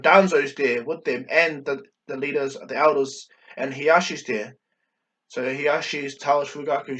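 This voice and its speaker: A man's voice: fairly high pitch, a bit bright, far from the mic. A man casually retelling a fan-made story, rambling with many fillers and restarts.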